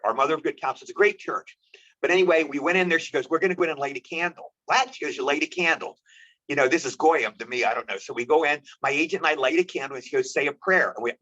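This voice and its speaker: Fast-talking man telling stories. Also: mid-range voice. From United States. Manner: rapid, animated anecdote telling. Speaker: guest, actor. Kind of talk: storytelling interview. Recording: dull lo-fi audio.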